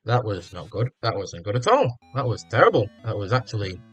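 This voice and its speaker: A man's voice: on the low side, very animated, brisk, fairly bright tone, breathy edge, dull audio, faint music behind. A man from the UK with a British accent, giving casual, rambling commentary on a game stream as he thinks aloud. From United Kingdom.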